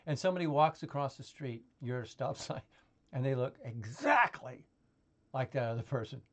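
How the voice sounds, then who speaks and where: A man's voice: mid-range voice, sing-song, normal speed, a bit bright. A man talking in a casual, rambling monologue, full of swearing, laughter and restarts. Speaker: vlogger.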